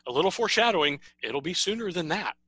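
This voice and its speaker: Bright-voiced man chatting on a podcast. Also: on the high side, a little fast, breathy edge, no room sound, low-quality recording. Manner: relaxed, laughs often, reads notes on band history. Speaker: podcast co-host. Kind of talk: casual chat.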